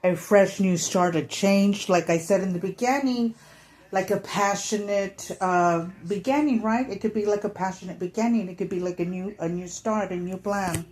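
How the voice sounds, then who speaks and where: A woman's voice: mid-range voice, moderate pace, darkish tone. A woman giving a casual tarot reading to camera, chatty and full of fillers, sometimes acting out what people might say. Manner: chatty, many fillers, acts out quoted thoughts. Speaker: tarot reader.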